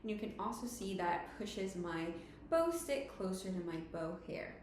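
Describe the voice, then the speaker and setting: A woman teaching violin, explaining each technique clearly and step by step. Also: mid-range voice, very animated, moderate pace, darkish tone, roomy sound, a little hiss or hum. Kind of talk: instructional tutorial.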